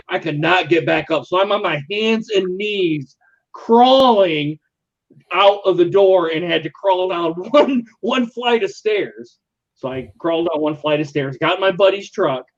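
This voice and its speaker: A man casually telling a long, profane party story on a live stream. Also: a little high. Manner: rambling, profane, animated retelling. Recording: lo-fi muffled stream audio.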